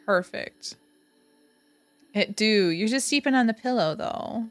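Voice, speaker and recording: A woman's voice: medium pitch, lively intonation, slow, faint music behind. A young woman streaming a game, chatting casually, cooing and doting with giggles and sudden gasps. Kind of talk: casual live-stream commentary.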